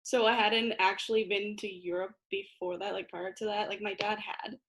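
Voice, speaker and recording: A woman's voice: mid-range voice, steady tone, normal speed, fairly bright tone, slight background noise. A young woman from Paraguay, a guest in a casual chat, chatty, filling her talk with little fillers and laughing often.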